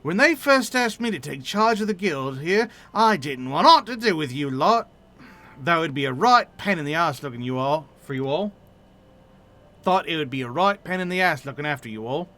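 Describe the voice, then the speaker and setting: A man voicing a gruff, brisk female guild proprietress from a video game, in a messy put-on mix of Boston and Cockney accents. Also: a little high, lively intonation, pushed and bright.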